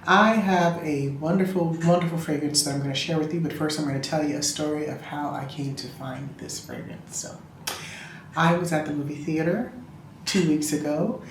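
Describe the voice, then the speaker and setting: A woman's voice: low-pitched, a little mellow, a little hiss or hum. A woman reviewing a fragrance in casual chat, a gushing and chatty storyteller talking from a room at home. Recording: roomy room echo.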